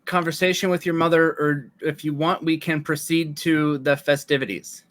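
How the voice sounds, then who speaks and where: A man running a tabletop game as game master, narrating in a relaxed way and thinking aloud with restarts. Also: fairly high pitch, normal speed.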